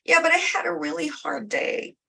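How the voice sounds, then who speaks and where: A woman's voice: extremely high pitch, normal speed, vocal fry, bright, forceful tone, pitched above the performer's own voice, heavily acted. A woman putting on a whiny, pouty teenager. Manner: pleading, self-pitying. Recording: voice a bit far from the mic.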